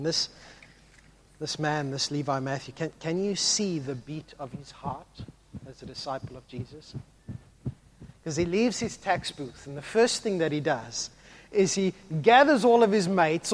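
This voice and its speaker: A man preaching a sermon as a pastor, animated and swinging from hushed to loud. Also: sits high, normal speed.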